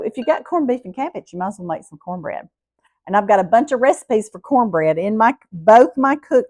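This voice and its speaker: A woman's voice: medium pitch, a little mellow, no echo, studio quality. A middle-aged woman with a Southern US accent hosts a casual cooking vlog, chatting to viewers in a homey way. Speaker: cooking show host.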